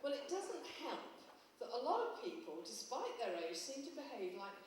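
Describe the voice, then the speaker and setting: A woman's voice: fairly high pitch, big pitch swings, moderate pace. A woman performing live stand-up comedy, telling wry, chatty stories to an audience. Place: live show in a hall with audience. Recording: echoey hall from far off, noisy.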